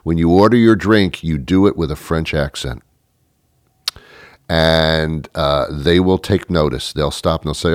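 A man rambles through a comic monologue of tongue-in-cheek advice. His voice sits extremely low. The sound is dry and close, with no room around it. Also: measured pace, no echo. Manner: rambling, joking, conspiratorial advice. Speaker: comedic monologue host.

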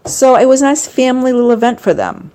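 A woman's voice: sits high, lively intonation, fast, warm tone. A woman in a casual chat, talking in a rambling, gushing way with plenty of fillers. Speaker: vlogger recounting a fan convention.

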